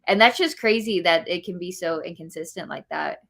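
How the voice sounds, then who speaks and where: A woman's voice: on the low side, a little fast, gravelly, a bit bright. A woman hosting a casual chat, reacting with short supportive remarks and laughs. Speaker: host.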